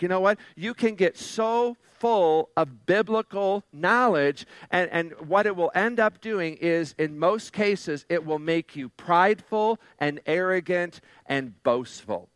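A male pastor preaching a sermon in a conversational way, with frequent fillers and restarts, slowing down to stress key phrases. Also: high voice, a bit bright, smooth, dry recording.

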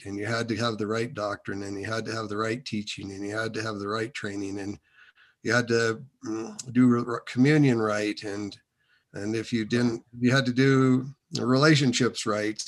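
This interview guest is a man whose mid-range voice has a fairly bright tone. He gives a casual testimony about his own faith, rambling loosely and often restarting or filling pauses.

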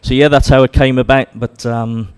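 A former footballer answers a question on stage. He speaks at a middle pitch and is earnest and long-winded, circling his point with fillers. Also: steady tone, normal speed, clear, resonant tone.

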